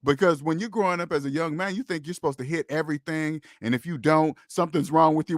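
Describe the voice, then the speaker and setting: A man's voice: on the high side, brisk, few pauses, no room sound, studio quality. A man hosting a casual livestream, talking to viewers in an emphatic, preachy way and repeating his points. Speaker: host of a personal finance livestream.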